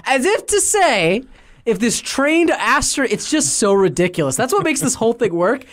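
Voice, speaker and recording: A man co-hosting a podcast, chatting casually about a cartoon with quick, rambling asides. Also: very high-pitched, big pitch swings, fairly bright tone. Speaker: podcast co-host.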